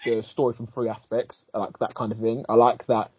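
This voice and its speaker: A man's voice: medium pitch, level tone, fairly quick, husky. A man co-hosting a casual film podcast, talking loosely with many fillers and short agreements. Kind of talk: casual film review chat. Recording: dull lo-fi sound, dry.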